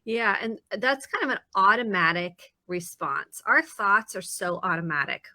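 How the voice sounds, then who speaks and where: A woman therapist on a live talk show, explaining calmly and earnestly and acting out her own self-talk to make a point. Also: mid-range voice, a little slow, dry recording. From Indiana, US. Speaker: therapist guest.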